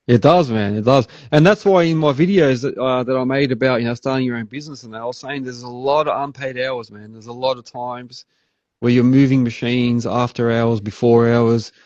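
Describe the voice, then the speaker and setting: A laid-back Australian man hosting a casual podcast chat, tossing in "man" and playing out customers' lines. His voice sits mellow and dark, and the recording is dry and a little muffled. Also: medium pitch, fairly even intonation, brisk, no room sound. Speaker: podcast host.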